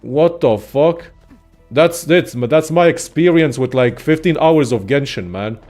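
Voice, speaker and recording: A young man casually ranting about games in a profane, excitable, rambling way as a content creator. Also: fairly high pitch, measured pace, faint music behind. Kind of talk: casual gaming rant.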